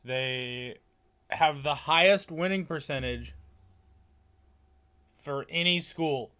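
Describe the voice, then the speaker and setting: A man's voice: a little high, slow pace, bright, forceful tone, clean tone. A young man trades sarcastic jokes about college football with a co-host. He swears freely in a loose, casual chat. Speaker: podcast co-host.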